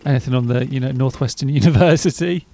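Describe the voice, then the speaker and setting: Gravelly man, teasing co-host. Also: mid-range voice, mellow. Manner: quick, teasing, giggly. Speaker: podcast co-host. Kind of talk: comic podcast banter.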